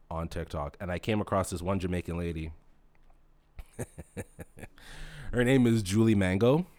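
A young man hosting a casual podcast, ranting comedically with profanity, swinging from loud exclamations to low mutters. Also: dry recording. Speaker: podcast host.

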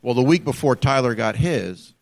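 A man's voice: mid-range voice, moderate pace, creaky. A man, a former state trooper, telling a story in casual chat and acting out the voices of the people in it. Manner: animated storyteller, acts out the people he quotes.

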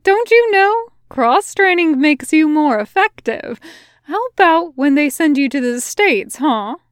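A woman's voice: sits high, animated, measured pace, no room sound, clean studio sound, pitched above the performer's own voice. A woman voicing a grinning, pushy young male soldier who teases his friend. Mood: teasing. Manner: teasing, bright and pushy.

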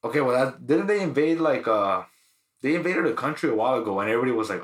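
语速很快、满口脏话的男人，房间有回声. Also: male voice, mid-range voice, animated, fast, echoey room. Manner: loose, profane, slangy storytelling. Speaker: podcast co-host. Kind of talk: casual podcast banter.

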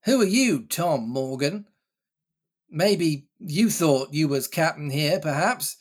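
A man playing a gruff, menacing old pirate cook. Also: on the high side, animated, full character voice. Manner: menacing, blustering, drawn-out threats.

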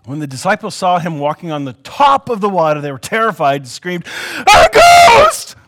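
Chatty male pastor, reads the passage and jokes along the way, fairly high and expressive. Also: brisk, very noisy. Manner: animated, chatty, jokey storyteller. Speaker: pastor teaching a Bible lesson. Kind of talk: reading scripture aloud with casual asides.

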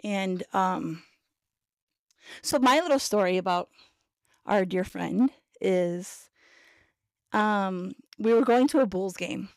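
Gravelly, animated woman podcast host. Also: medium pitch, slow pace, long pauses, dry recording. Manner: animated, acts out quoted voices, laughs often. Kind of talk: casual storytelling chat.

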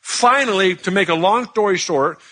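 A male pastor telling a story in a sermon, chatty and animated, joking with the congregation. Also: high voice, normal speed.

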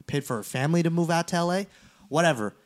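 A man hosting a podcast, telling a story in casual chat, animated and profane, acting out the lines of the people in it. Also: on the high side, quick pace. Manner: animated, profane, acts out quoted dialogue. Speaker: podcast host.

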